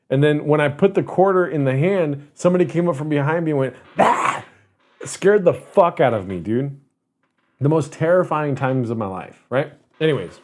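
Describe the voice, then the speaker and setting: A man's voice: a little high, a little mellow. Rambling, cussing man telling a story. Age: 30s. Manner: rambling, profane, self-interrupting. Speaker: streamer host. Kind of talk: casual storytelling to a live chat.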